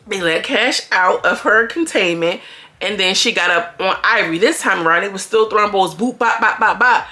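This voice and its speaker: A young woman casually recapping a reality show, animated and gossipy, laughing often. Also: mid-range voice, fairly quick. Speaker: reality TV reviewer.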